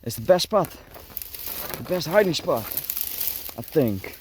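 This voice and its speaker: In a high-ish, sing-song voice at a slow pace, a man vlogs outdoors among dense bushes and trees. He rambles, swears constantly and grunts as he forces his way through, and the noisy recording carries rustling foliage and a barking dog.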